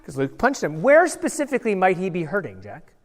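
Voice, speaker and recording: Animated pastor telling kids a story. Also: male voice, sits high, brisk. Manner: playful and animated, questions the kids and acts out voices. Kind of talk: lively children's sermon with audience participation. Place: large church hall. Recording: long church hall reverb.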